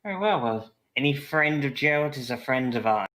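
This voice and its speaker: A man putting on a warm, chatty tavern barmaid in a tabletop game, her voice lifted high and bright. She is familiar and easygoing with newcomers. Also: expressive, a little fast, natural voice. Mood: friendly curious. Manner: familiar, calls guests love. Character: chatty friendly barmaid woman.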